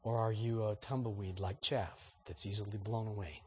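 A man preaching a sermon to a congregation, animated and asking rhetorical questions. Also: lowish voice, normal speed, slight background noise. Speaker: pastor.

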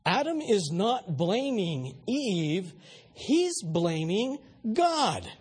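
Husky-voiced, animated male preacher. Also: high-pitched, very slow. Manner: emphatic, questions the audience, repeats words. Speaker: pastor. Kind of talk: sermon.

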